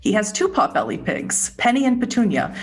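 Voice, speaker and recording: A woman narrating a tabletop horror game as game master, describing scenes in a measured way. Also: fairly high pitch, sing-song, soft background music, poor audio.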